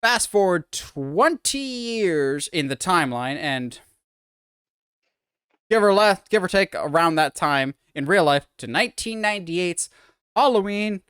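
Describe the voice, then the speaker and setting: Smooth-voiced opinionated podcast man. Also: high voice, lively intonation, a little slow, fairly bright tone, dry recording, studio quality. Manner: opinionated, rambling film breakdown. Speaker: podcast co-host. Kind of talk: casual podcast chat.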